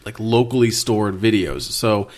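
A man's voice: lowish voice, unhurried. Rambling man hosting a casual chat. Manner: relaxed, rambling, chatty with fillers. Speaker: podcast host.

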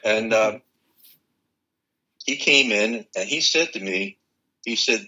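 Older male guest with a low, husky, forceful voice; an animated storyteller who acts out the dialogue. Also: slow pace, pauses often, poor audio. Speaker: interview guest. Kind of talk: personal storytelling in conversation.

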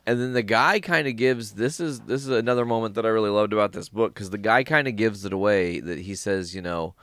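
A man hosting a podcast in casual chat, animated and profane, often acting out quoted lines. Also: lowish voice, fairly quick, dry recording. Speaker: podcast host.

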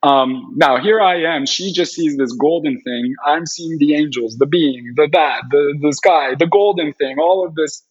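A man telling a long personal story in an animated, rambling way, full of "like" fillers. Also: on the high side, unhurried, few pauses, breathy edge. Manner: rambling, heavy use of "like" fillers. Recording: dull lo-fi recording.

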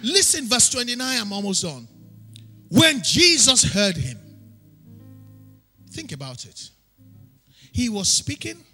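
A woman pastor with a Nigerian accent preaching a sermon, emphatic and often shouting in a chanting preacher's cadence. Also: on the high side, big pitch swings, slow, long pauses, husky. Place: church hall. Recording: long hall reverb with faint music.

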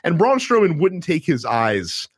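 A man casually recapping a wrestling show with a friend, telling it with animated energy and acting out the wrestlers' lines. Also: a little high, a little slow, slightly rough. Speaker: podcast co-host.

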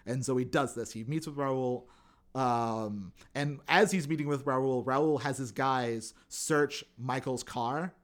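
Animated man recapping an episode. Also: mid-range voice, takes it slowly. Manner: animated retelling, acts out quotes in funny voices. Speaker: podcast co-host recapping a TV episode. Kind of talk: casual chat.

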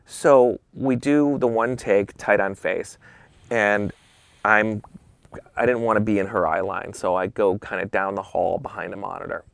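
A middle-aged man, a photographer, telling a lively anecdote in conversation and shifting his voice when he quotes people. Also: measured pace, gravelly, dry recording. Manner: lively, swings pitch when quoting people. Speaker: photographer guest.

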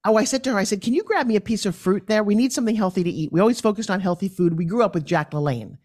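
A woman's voice: mid-range voice, rapid-fire, a little mellow. A middle-aged woman, a podcast guest, telling parenting stories and acting out the voices of her children and others. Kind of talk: conversational storytelling.

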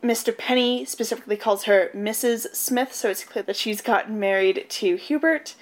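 A woman's voice: a little high, normal speed. Wry woman recapping a movie plot. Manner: plot recapping with dry jokes. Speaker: podcast co-host. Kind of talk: casual plot recap and chat.

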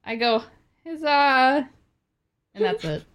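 A woman's voice: a little high, very animated, normal speed. A woman player in a tabletop game, talking in a playful, giggly way. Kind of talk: casual tabletop play.

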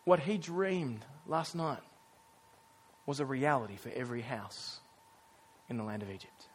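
A male pastor preaching a sermon, earnest and emphatic, with storytelling pauses and casual asides. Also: medium pitch, breathy edge.

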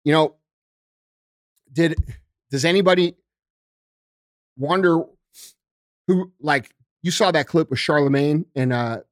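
A man ranting as a podcast guest, profane and forceful. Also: fairly high pitch, takes it slowly, long pauses, no room sound, clean studio sound. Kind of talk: heated podcast rant.

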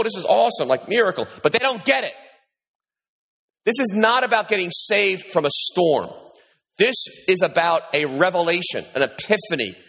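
Husky-voiced man preaching in an echoey hall. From New York. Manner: animated, repeats words, rises in pitch when quoting Jesus. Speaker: pastor. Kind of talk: sermon. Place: large hall with congregation. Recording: echoey hall, dull sound.

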